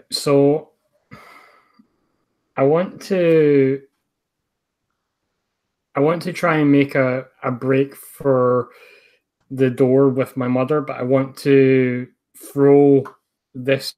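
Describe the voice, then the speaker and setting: A man's voice: medium pitch, little pitch movement, drawn-out words, long pauses, darkish tone. A man playing a tabletop role-playing game who speaks hesitantly, full of "uh" and "you know". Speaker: player.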